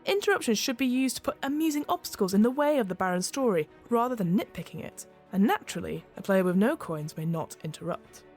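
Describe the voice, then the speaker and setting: A woman game master reading the rules of a storytelling game aloud in a clear, measured way. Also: medium pitch, lively intonation, a little mellow, soft background music.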